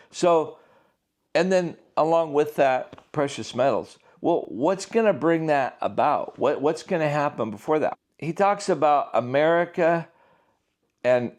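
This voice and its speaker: A man's voice: medium pitch, a little mellow. A man, an author, speaking casually and emphatically in an unscripted monologue. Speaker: author and prophecy commentator.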